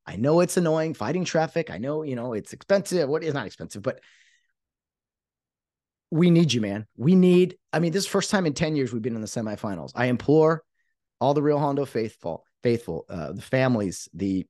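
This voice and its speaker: Man, podcast host, excited and emphatic, rambling restarts, middle pitch, dry close sound. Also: fairly quick, dry recording.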